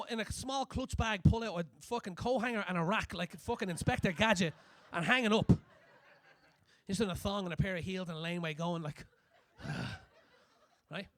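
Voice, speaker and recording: On a club stage, a young man performs a crude, animated stand-up set, acting out scenes along the way. His voice sits high.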